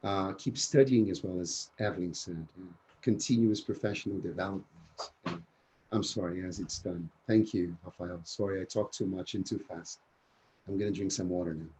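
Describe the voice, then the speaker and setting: A man's voice: low-pitched, moderate pace, slight background noise, rough recording. A man training teachers in an online conference talk, speaking energetically and often checking in with "yeah?". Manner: energetic, keeps asking "yeah?". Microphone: video call.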